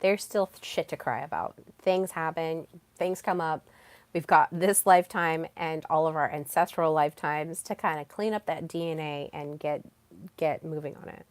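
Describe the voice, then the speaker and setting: A woman hosts a solo podcast in a candid, casual way, dropping curse words as she shares personal stories. Her voice sits on the lower side. The sound is dry and close. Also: fairly even intonation, normal speed, no echo. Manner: frank and casual, swears freely, self-disclosing. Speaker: podcast host.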